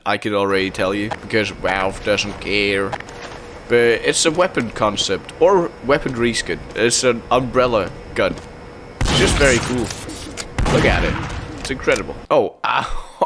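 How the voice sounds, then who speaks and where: A young man gives casual, chatty commentary with plenty of enthusiasm. His voice sits at an ordinary middle pitch for a man. He laughs easily. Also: fairly bright tone. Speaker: video game YouTuber.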